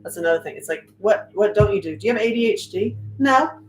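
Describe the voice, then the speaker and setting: A woman's voice: medium pitch, lively intonation, fast, roomy sound, faint music behind, low-quality recording. A middle-aged woman hosting a casual livestream, chatty and joking as she reads comments aloud. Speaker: livestream host.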